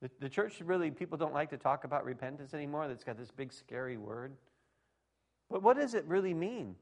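Middle-aged male pastor, high voice, emphatic sermon delivery with sudden loud peaks. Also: expressive, a little fast. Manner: emphatic, swings from quiet asides to shouting.

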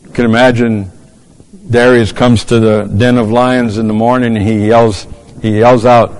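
A man's voice: mid-range voice, steady tone, moderate pace, darkish tone. A man preaching a fervent sermon, repeating words as he goes and quoting scripture in old-fashioned English. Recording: long hall reverb.

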